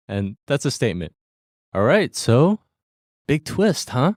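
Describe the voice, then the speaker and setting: Lively-voiced man teaching Korean phrases. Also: mid-range voice, takes it slowly, long pauses, dry recording, studio quality. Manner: friendly, breaks down phrases step by step, laughs easily. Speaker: language lesson host. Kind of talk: explaining Korean phrases to learners.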